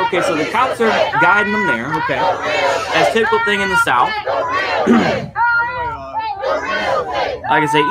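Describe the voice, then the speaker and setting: Heavy background noise surrounds this man's higher-pitched voice. A streamer, he casually reacts to protest footage, rambling, swearing and using many fillers.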